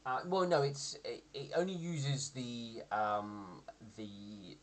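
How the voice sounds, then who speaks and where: A man's voice: medium pitch, slow pace. A man narrating as game master of a tabletop game, hesitant and full of ums and restarts.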